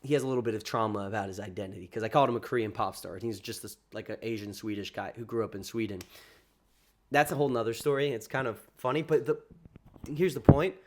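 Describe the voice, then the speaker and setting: A man coaching on dating in a casual motivational monologue. He talks in an excitable, slangy way, swears often, and calls his listeners bro. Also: fairly low pitch, quick pace.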